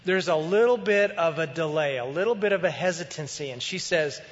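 High-voiced man preaching a sermon. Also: brisk, long reverb tail, lo-fi sound. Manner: conversational, animated preaching with acted quotes. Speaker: pastor.

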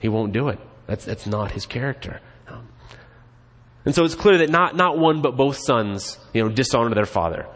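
A man's voice: mid-range voice, lively intonation, moderate pace. A man preaching a casual, joking, conversational sermon in a church sanctuary. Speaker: pastor. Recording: long reverb in a church hall.

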